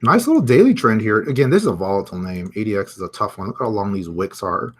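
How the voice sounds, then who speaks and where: A man's voice: fairly low pitch, lively intonation, quick pace, slightly rough. Chatty man hosting a crypto live stream. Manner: chatty, reads viewer comments aloud, thinks out loud with fillers. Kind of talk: casual live chart commentary.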